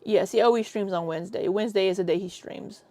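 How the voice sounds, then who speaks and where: A woman's voice: medium pitch, fast talker, mellow. A woman streamer chatting casually and reacting to clips with sarcastic comments and frequent laughs.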